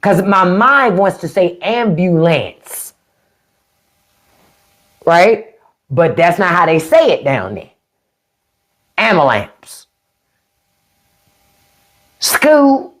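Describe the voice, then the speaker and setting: A middle-aged woman from the Washington DC area hosts a casual livestream chat. She speaks at an unhurried pace, and her pitch rises and falls in a lively way. She drags words out as she plays with them. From DMV area (Washington DC region). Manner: chatty, drawn-out word play, frequent laughs. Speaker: livestream host.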